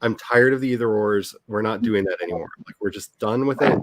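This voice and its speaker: A man's voice: on the low side, fairly quick, no room sound. Casual host: man, chatty, restarts a lot, dry close recording. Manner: chatty, hesitant restarts, animated storytelling. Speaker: author and channel host. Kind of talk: casual chat.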